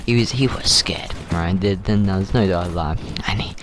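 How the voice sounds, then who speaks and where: A man's voice: deep voice, moderate pace, over music. A man host telling a story in a casual, rambling way while gaming, repeating words and saying dude a lot, on a noisy mic with clicks.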